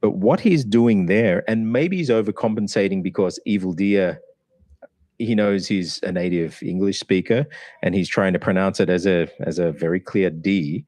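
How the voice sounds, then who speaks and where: A deep-voiced Australian man explains pronunciation in a deliberate, patient way, repeating sounds slowly to demonstrate them. The recording is dry and close, with no room sound. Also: a little mellow, dry recording. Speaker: pronunciation coach. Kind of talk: pronunciation analysis.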